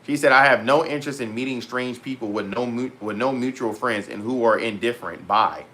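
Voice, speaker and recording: Slangy, animated young man ranting. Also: mid-range voice, brisk, a little hiss or hum. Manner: animated, heavy slang, repeats "bro" and "petty". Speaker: vlogger. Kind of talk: casual storytelling rant to camera.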